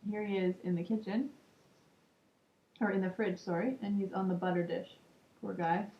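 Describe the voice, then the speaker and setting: A woman's voice: medium pitch, normal speed. Woman reading a storybook in an echoey room. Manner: calm reading with casual asides. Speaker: storybook reader. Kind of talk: reading a children's book aloud. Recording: echoey room, muffled lo-fi sound.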